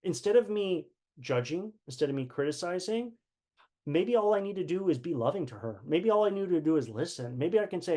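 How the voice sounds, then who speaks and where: Earnest male leadership teacher, slightly high-pitched, animated storyteller. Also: a little fast. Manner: earnest, repeats words, acts out quoted dialogue. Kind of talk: personal teaching talk.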